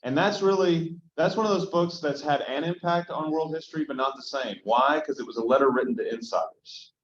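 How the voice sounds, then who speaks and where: A man's voice: fairly high pitch, fairly quick. Conversational male pastor in a roomy church hall. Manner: conversational, often checks in with the room. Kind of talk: casual Bible study teaching. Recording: roomy, dull lo-fi room sound.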